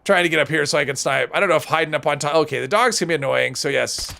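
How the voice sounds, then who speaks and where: A man's voice: a little high, fast, gravelly, bright, forceful tone. A man streaming a video game, chatting casually with his viewers and rambling, often restarting and correcting himself. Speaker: live streamer. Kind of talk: casual gameplay commentary while reading chat.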